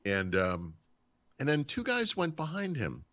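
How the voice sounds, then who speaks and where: A man's voice: a little high, unhurried, dull audio. A man hosting a podcast, casually telling a story and acting out the people in it. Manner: animated storyteller, acts out quoted dialogue. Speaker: podcast host.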